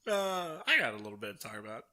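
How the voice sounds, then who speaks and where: A man's voice: medium pitch, very animated, quick pace, pushed and bright, a little hiss or hum. A young man co-hosting a casual podcast, joking loosely and laughing often. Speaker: podcast co-host. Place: hot small room.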